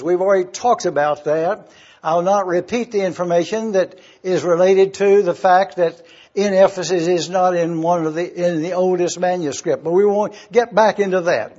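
Man, pastor, high voice, unhurried Bible teaching, muffled lo-fi recording. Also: a little mellow. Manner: slow and deliberate, repeating key words. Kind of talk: sermon-style Bible exposition. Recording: dull lo-fi recording.

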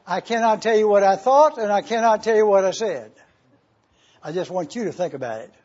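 Husky guy preaching, pretty high voice, gets loud then goes real quiet. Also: animated, a little fast, lo-fi sound. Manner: emphatic preaching, swells loud on key phrases, drops soft and low. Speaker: pastor. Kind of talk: sermon.

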